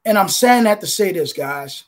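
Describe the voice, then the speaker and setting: A man giving an emotional motivational testimony as a contributing author, preacherly, with repeated calls of "guys" and "listen", slowing down for emphasis, speaking on a video call. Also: high voice, lively intonation.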